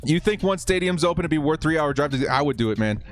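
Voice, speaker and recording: A man hosting a casual live watch-party stream, chatting excitably with viewers and laughing often. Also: fairly high pitch, fast, soft background music. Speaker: livestream host.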